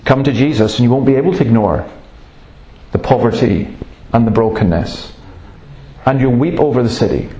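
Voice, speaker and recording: A man's voice: mid-range voice, moderate pace, mellow, lo-fi sound. A man preaching a sermon in an earnest, emphatic way, breaking off to tell stories. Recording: roomy, echoey room sound.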